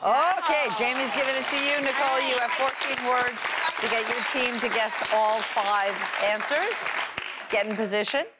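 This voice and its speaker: A woman hosting a TV game show, upbeat and brisk as she prompts the players along. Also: fairly high pitch, fairly even intonation, over a noisy crowd, heavy background noise. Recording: TV studio with loud music and audience.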